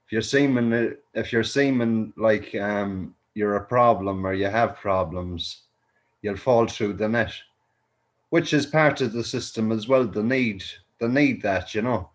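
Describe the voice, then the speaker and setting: A man's voice: fairly low pitch, unhurried. A man with an Irish accent talking in a rambling casual way on a live chat, filling his talk with "you know". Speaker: caller on a live stream chat.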